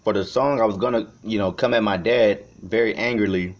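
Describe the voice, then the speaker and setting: A man from Chicago talking to the camera in an unscripted vlog. He rambles and swears, swinging between shouting and quiet reflection. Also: fairly low pitch, a little fast. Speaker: vlogger. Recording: dull lo-fi recording.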